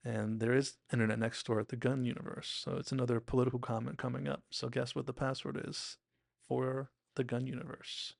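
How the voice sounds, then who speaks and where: Guy with a gravelly voice rambling excitedly about a show episode, dry sound. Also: medium pitch, brisk, no echo. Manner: chatty, enthusiastic, acts out quotes, many "like"s. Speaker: TV recap podcast host. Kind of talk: casual episode analysis.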